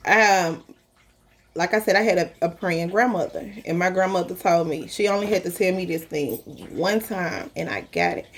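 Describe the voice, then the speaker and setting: A woman sharing a personal story in a casual, emotional way, laughing often and speaking directly to her listeners. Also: on the low side.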